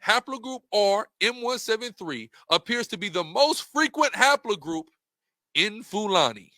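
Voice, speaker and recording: A man's voice: sits high, expressive, unhurried, bright, forceful tone, no echo, studio quality. A man giving an impassioned, rhetorical monologue while walking through slides, repeating questions for emphasis. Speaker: religious debater presenting slides.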